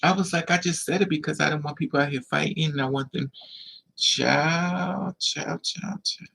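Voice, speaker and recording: A man speaking in a confessional vlog monologue, rambling in halting restarts and repeated phrases. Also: a little high, steady tone, creaky, a bit bright. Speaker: vlogger.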